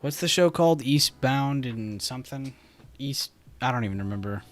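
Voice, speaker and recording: A man's voice: medium pitch, lively intonation, moderate pace. A young man hosting a livestream, chatting casually and laughing easily in a laid-back, slangy way. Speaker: trading livestream host.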